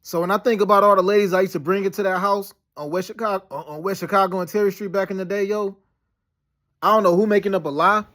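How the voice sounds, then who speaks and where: A man with a notably high speaking voice talks in a loose, rambling monologue. He circles back on himself with restarts, fillers and street slang like "yo" as he tells his story. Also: fairly even intonation, fast, fairly bright tone. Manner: slangy, peppered with "yo" and "you know what I'm saying". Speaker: vlogger recounting dreams and past events.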